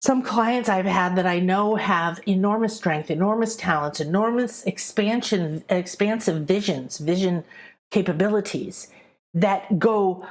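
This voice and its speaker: A middle-aged woman, a spiritual teacher, giving a chatty, animated spiritual talk to a live audience and acting out quoted voices. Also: medium pitch, unhurried.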